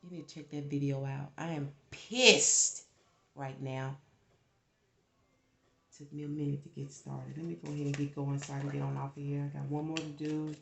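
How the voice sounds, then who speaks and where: A fairly low-voiced woman talks through a tarot reading in a loose, chatty way. She gets animated and swears freely when worked up, and her voice rings in an echoey room. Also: quick pace, vocal fry, few pauses. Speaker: tarot reader.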